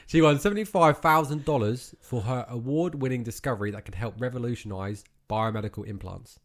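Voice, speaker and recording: Man from england, podcast co-host, casual storytelling, even mid-range voice. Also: medium pitch, fairly quick. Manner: chatty storyteller, acts out quotes. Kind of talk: casual chat.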